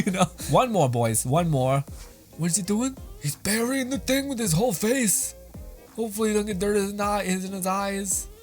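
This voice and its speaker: A young man chatting over clips in a casual reaction commentary, his pitch bouncing all over the place and sitting a touch high for a man. He rambles, laughs a lot and swears freely. Faint music plays underneath. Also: lively intonation, moderate pace. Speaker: host reacting to videos.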